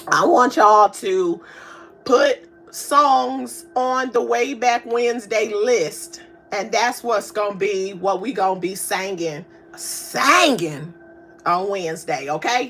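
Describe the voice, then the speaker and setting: A woman hosting a casual live stream, chatting with viewers and reading their comments aloud in a slangy, animated way. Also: mid-range voice, a little slow, slight background noise. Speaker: livestream host.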